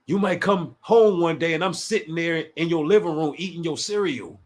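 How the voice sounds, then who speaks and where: Dc guy on a livestream, trash talking a rival and calling out his chat, voice sits kinda high. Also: normal speed, slight background noise. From Washington, D.C. area. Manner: taunting, challenging, talks straight to chat. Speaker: livestream host. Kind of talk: casual livestream call-out.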